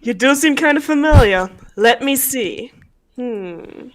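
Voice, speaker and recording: A woman voicing an odd-sounding young woman who excitedly recognizes a detective in a comic dub. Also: on the high side, slow. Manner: exclaiming, theatrical.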